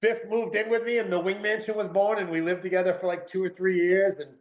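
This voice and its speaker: A man's voice: high-pitched, flat delivery, fast, highs cut off. A man, talking casually as a podcast guest, rambling with lots of "like" and "dude". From New England. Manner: rambling, heavy use of "like" and "dude". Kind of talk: casual interview chat. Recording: echoey room.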